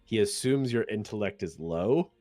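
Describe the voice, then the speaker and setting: A man narrating as game master in a tabletop game, casual and halting with lots of fillers. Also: lowish voice, expressive, dark tone, no echo.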